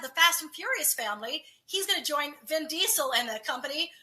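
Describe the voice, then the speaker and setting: Gushy entertainment reporter lady, high voice, really bright and sharp. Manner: bubbly, gushing. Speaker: entertainment correspondent. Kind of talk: casual news chat.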